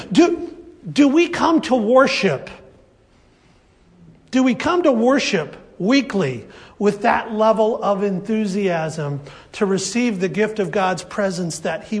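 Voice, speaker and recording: A man preaching a sermon at a church service, lively and acting out the voices of his congregation. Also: high voice, creaky. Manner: animated, acts out congregation voices. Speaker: pastor.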